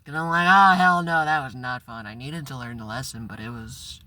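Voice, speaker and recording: A man's voice: medium pitch, brisk, sharp tone, dry recording. A man telling a personal story in a casual, rambling vlog, swearing and breaking into bursts of exasperation. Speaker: spiritual vlogger.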